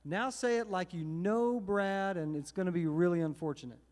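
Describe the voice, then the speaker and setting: A man from Texas, a musician chatting and joking quickly between songs at a service concert in a synagogue sanctuary. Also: sits high. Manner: relaxed, joking, quick, folksy. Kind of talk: stage patter between songs. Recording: long reverb in a large hall. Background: guitar.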